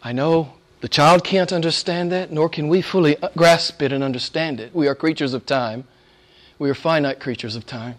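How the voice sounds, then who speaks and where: A pastor with a slightly high voice preaches at normal speed, talking conversationally and chuckling in asides. His delivery swings from hushed whispers to loud, emphatic peaks.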